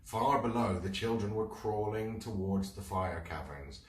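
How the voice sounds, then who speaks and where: Man, storyteller, reading a children's book aloud, slow, echoey room. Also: sits low. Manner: expressive, slow read-aloud. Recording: roomy room, mic at a distance.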